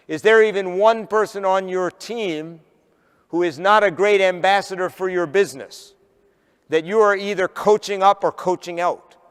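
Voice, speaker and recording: A man from the northern United States giving a keynote speech, telling a story with lively pacing and firing rhetorical questions at the audience. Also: high-pitched, clear, resonant tone. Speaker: motivational keynote speaker. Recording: long reverb of a large hall.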